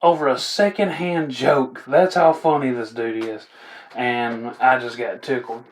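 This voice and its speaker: Young man, casual storyteller, laid-back and rambling, average pitch. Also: fairly even intonation, measured pace. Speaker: vlogger telling funny stories.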